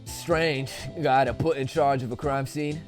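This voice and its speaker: A young man streaming a game live, making loud, jokey comments with sudden jumps up in pitch. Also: steady tone, a little slow, soft background music.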